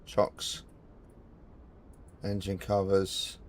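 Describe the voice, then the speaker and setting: A man's voice: low voice, completely flat delivery, drawn-out words, a little hiss or hum. A man streaming a flight simulator, chatting casually and muttering in frustration at his plane. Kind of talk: casual live-stream commentary.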